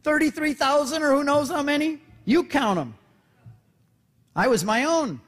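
A man giving an animated storytelling talk to an audience, acting out short voices as he tells it. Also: very high voice, normal speed. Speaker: Catholic speaker. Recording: reverberant hall.

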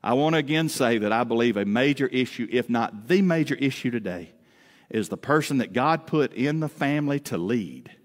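A male pastor preaching a Father's Day sermon, telling homey stories with humor and swinging between loud emphatic rises and quiet drops. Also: mid-range voice, animated, normal speed. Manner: folksy storytelling with humor. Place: church sanctuary. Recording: echoey church hall.

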